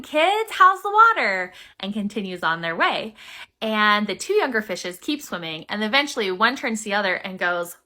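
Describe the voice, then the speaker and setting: A woman speaks to her viewers in an easy, conversational way, peppering her sentences with "like." Her voice has a bright, clear edge and sits at an ordinary middle pitch for a woman. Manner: conversational, uses "like" often. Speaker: creator. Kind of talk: casual explanatory talk to camera.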